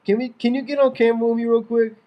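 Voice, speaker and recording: A man's voice: very high-pitched, level tone, fast, lo-fi sound. A young man on a casual livestream with a stuffy nose from a fever, mocking and trash-talking a viewer in his chat.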